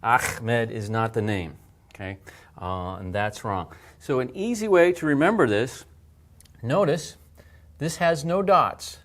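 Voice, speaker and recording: A man's voice: mid-range voice, expressive, unhurried. Patient man teaching letter shapes. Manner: patient, step-by-step, demonstrates sounds. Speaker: language teacher. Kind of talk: explaining pronunciation and handwriting.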